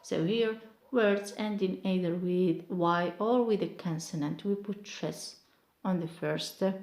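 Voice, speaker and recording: A woman, teaching English word stress slowly and carefully, repeating each example word. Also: on the low side, a little mellow, roomy sound. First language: Arabic. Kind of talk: online pronunciation lesson.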